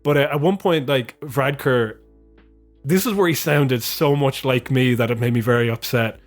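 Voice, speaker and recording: A man's voice: medium pitch, normal speed, soft background music. Rambling sweary podcast man. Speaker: podcast co-host. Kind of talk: casual comedic chat.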